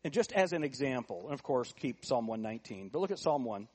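A middle-aged man preaching a sermon, asking the congregation rhetorical questions and moving between quiet asides and raised, emphatic points. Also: medium pitch, sing-song, quick pace, slightly rough. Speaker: pastor.

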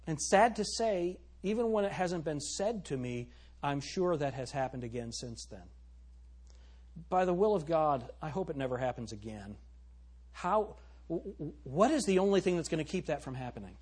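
A man's voice: animated, moderate pace, darkish tone, breathy edge. A middle-aged man, preaching an emphatic sermon and asking the congregation questions. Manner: turns to a high mocking tone when imitating girls. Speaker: pastor.

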